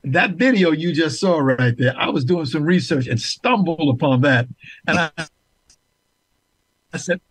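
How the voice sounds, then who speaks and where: A man's voice: on the high side, lively intonation, unhurried, long pauses, a bit bright, husky, no echo, low-quality recording. A man hosting a talk show, speaking emphatically and repeating key points for viewers.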